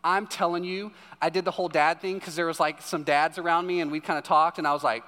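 A man's voice: a little high, steady tone, quick pace, bright, forceful tone. A man in his thirties preaching a sermon in a chatty storytelling way, often checking in with "right?". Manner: conversational storytelling, keeps asking "right?". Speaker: pastor. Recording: long hall reverb.

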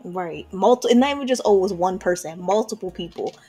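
A woman's voice: medium pitch, fast talker, dark tone, husky, soft background music. A woman co-hosting a casual chat podcast, emphatic and blunt. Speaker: podcast co-host.

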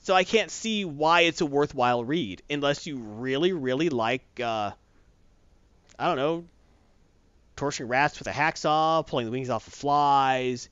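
A man's voice: mid-range voice, a little slow, fairly bright tone, clear, resonant tone, no echo. A man casually reviewing comic books, sarcastic and exasperated, rambling through his opinions. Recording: dull, lo-fi, dry.

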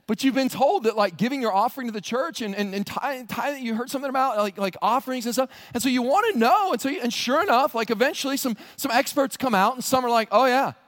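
A male pastor preaching a sermon, telling a story with lively acted-out voices and laughter. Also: extremely high pitch, fast talker, hardly any pauses.

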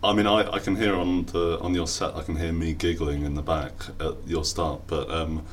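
A man's voice: sits low, flat delivery, moderate pace, slight background noise. A man hosting a podcast, asking questions in an easygoing way with hesitant restarts. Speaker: podcast host. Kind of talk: casual interview chat.

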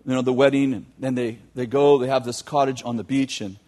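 A man telling a long story in a sermon, animated, with joking asides to his audience. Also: mid-range voice, a little fast. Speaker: youth teacher.

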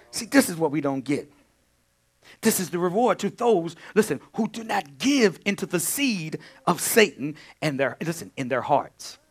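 A male pastor preaching a sermon, swinging between loud exclamations and hushed asides, addressing the congregation directly and repeating phrases. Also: a little high, slightly rough.

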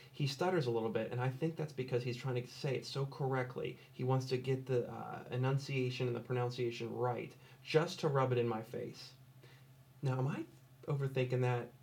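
A man's voice: mid-range voice, brisk, darkish tone. An American man hosting, commenting on his own show in a rambling, self-questioning, mock-annoyed way. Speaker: podcast host. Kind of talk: solo commentary over a replay.

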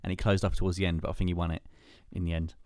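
A man hosts a casual football chat, steering the rounds with a jokey manner. His voice sits fairly low and sounds dry and close. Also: flat delivery, very fast, darkish tone, dry recording. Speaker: podcast host.

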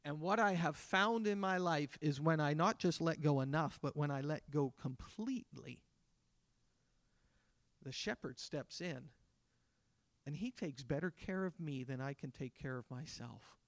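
A man in his fifties preaching in a conversational way, with a fairly high voice. He drops into softer voices to act out small scenes. The sound is dry and close, with little room. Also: unhurried, dry recording. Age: 50s. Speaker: pastor. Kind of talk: sermon. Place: church.

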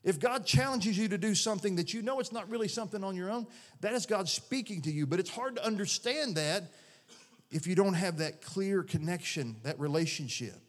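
A man in his forties preaching a sermon as a pastor, folksy and animated, with homespun jokes. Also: high-pitched, a little fast. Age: 40s. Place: church sanctuary. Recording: long church-hall reverb.

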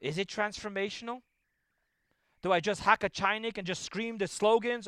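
A middle-aged rabbi delivers a Torah lecture in a high, bright, forceful voice. He tells stories animatedly, jumping from loud emphasis down to hushed asides. The recording is dry and close. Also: steady tone, normal speed, clear, resonant tone, no room sound.

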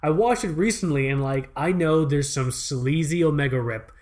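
A young man in casual chat, loose and excitable, swearing freely as he talks. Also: on the high side, normal speed.

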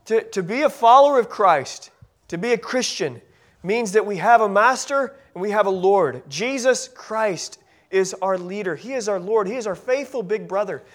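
A man's voice: sits high, lively intonation, moderate pace. A man preaching a sermon as pastor, earnest, often repeating phrases and restarting his sentences.

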